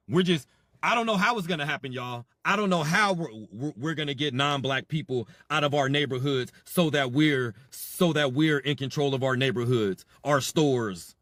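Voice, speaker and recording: Animated, sarcastic man with a dry sound. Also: mid-range voice, dry recording. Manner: sarcastic, preachy, repeats himself, addresses listeners directly; animated, swings between loud and quiet. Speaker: podcast host. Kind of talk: impassioned sarcastic monologue.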